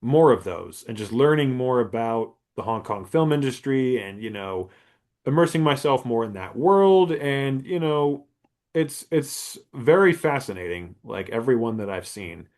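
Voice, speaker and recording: A male podcast co-host chatting loosely about movies. He keeps circling back with fillers as he gathers his thoughts. His pitch sits squarely in the middle for a man. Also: expressive, a little slow, a little mellow. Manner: rambling, lots of "you know" fillers. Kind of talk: casual film discussion. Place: podcast studio.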